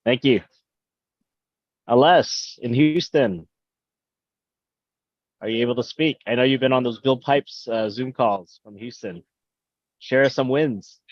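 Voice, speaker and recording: A man's voice: mid-range voice, slow pace, long pauses, dry recording. A man hosting a team video call, upbeat and encouraging as he calls on members. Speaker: meeting host. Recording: dry, dull lo-fi call audio.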